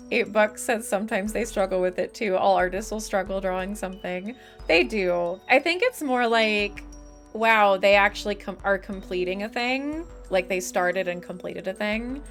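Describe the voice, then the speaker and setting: She's a young streamer losing her voice, her medium pitch a bit bright. Chatting casually with viewers in chat, she laughs a lot and swears often.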